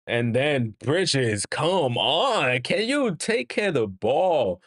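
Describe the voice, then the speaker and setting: A man's voice: a little high, takes it slowly, hardly any pauses, breathy edge, dry recording, clean studio sound. A man hosting a fan watch-along, calling the game play by play in a casual way, urging the players on and laughing with his chat. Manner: excitable, talks to the players and chat, laughs often. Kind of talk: casual live play-by-play commentary.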